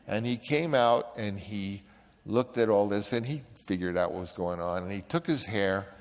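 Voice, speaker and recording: An older man telling stories from his directing career in a loose, rambling way. His voice sits somewhat low. The room adds a long, hanging reverb. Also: normal speed. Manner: rambling, with many restarts and acted quotes. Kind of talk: casual anecdote.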